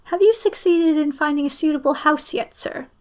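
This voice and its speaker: A woman voicing a composed male valet in a storybook reading, speaking quietly and deferentially in a measured tone. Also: high voice, lightly acted.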